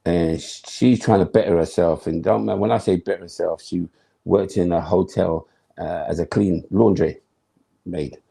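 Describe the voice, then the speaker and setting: Deep gravelly man telling stories. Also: fairly even intonation, moderate pace, warm tone. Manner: acts out his own thoughts, slangy and emphatic. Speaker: guest, former footballer. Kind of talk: animated storytelling in conversation.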